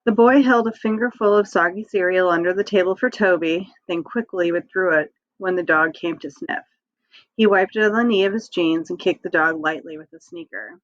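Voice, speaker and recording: A woman reading a novel aloud as audiobook narration, calm and measured. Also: lowish voice, highs cut off. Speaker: audiobook reader.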